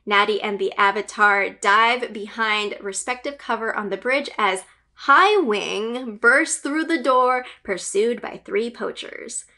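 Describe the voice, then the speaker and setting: Woman, gaming channel host, casual recap, chatty, giggly, lots of fillers, bright forceful voice, slightly high. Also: slow. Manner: enthusiastic fan.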